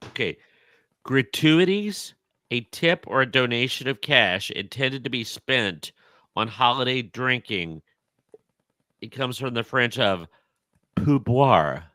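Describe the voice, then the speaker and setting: A man's voice: mid-range voice, unhurried, sharp tone, dry recording. A man co-hosting a podcast, playfully punning as he reads out old terms and their definitions in casual chat. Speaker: podcast co-host presenting the topic.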